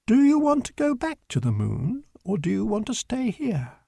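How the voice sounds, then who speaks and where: Gentle kindly lady done by a guy reading a storybook, high and soft, a bit gravelly and husky underneath, dry sound. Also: huge pitch swings, moderate pace, dry recording, full character voice. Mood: gentle coaxing. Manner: gentle, coaxing. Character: kindly woman, gentle and firm.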